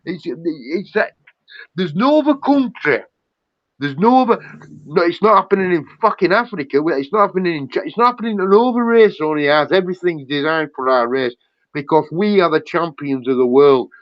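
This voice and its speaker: A man's voice: a little high, lively intonation, fairly quick, dry recording. A man hosting a livestream, ranting angrily and swearing, repeating himself as he goes. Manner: angry, profane, repetitive ranting. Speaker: livestream host. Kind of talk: heated livestream rant. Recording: dull lo-fi dry sound.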